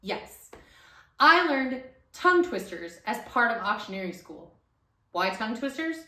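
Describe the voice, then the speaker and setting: A woman lecturing on public speaking with a loud voice and lively, expressive pitch. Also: moderate pace. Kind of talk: recorded lecture. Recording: echoey room, mic far off, background hum.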